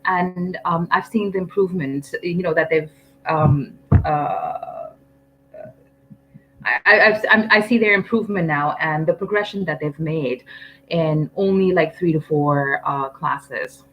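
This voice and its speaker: A woman's voice: sits low, measured pace, muffled recording. A woman teaching English on a live stream, chatty and firm, reading out viewer comments with lots of ums.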